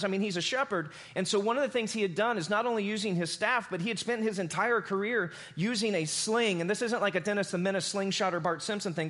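A man preaching a sermon, retelling a scripture story in a loose, casual, animated way. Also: high-pitched. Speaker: pastor.

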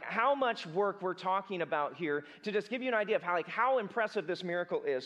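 A young adult man preaching a casual sermon, telling a Bible story in a lively, conversational way and acting out the characters in everyday speech. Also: sits high. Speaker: pastor.

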